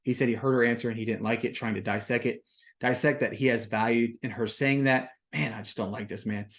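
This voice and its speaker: A podcast host giving a casual solo recap of a reality show, animated and indignant, filling talk with "like" and climbing sharply in pitch and volume when worked up. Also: fairly quick. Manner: animated and indignant, with frequent "like" fillers.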